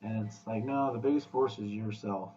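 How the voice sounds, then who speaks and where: A man hosting a podcast, talking casually in a blunt, profane, animated pep-talk way. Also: on the low side, normal speed. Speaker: podcast host. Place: room with guests. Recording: echoey, distant, muffled room mic.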